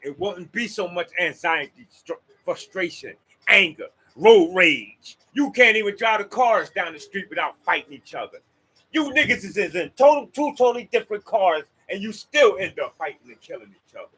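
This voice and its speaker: High, bright-voiced man preaching to listeners. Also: big pitch swings, brisk, husky, low-quality recording. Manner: rambling, preachy, swears, talks to listeners as y'all. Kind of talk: casual spoken monologue.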